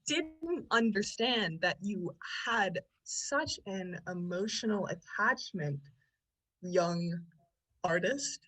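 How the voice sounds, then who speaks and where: A woman doing improv comedy as a small-town mayor on a video call, deadpan and matter-of-fact. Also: medium pitch, slow pace, rough recording.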